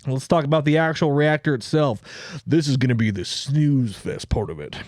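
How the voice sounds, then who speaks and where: A man hosting a podcast, mixing jokes into a casual story and leaning on fillers. His voice sits at an ordinary middle pitch. It is recorded close and dry, with almost no room sound. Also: normal speed, darkish tone, dry recording. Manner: joking storyteller, many fillers. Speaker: podcast host.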